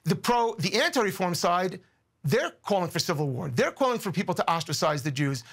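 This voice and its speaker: A man's voice: high-pitched, big pitch swings, brisk, a bit bright. A man speaking as a guest commentator in a news interview, earnest and emotional, often repeating words as he searches for them.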